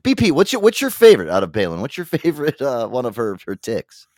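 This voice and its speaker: A man's voice: mid-range voice, fast, dry recording. A man hosting a podcast, swearing and laughing through casual banter with his co-hosts. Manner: laughing, profane, lively. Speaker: host.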